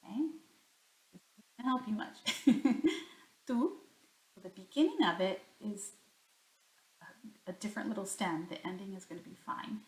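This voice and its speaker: A woman's voice: medium pitch, lively intonation, a little slow, pauses often, darkish tone. A woman teaching a Spanish grammar lesson, talking herself through each example and answering her own questions. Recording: echoey room.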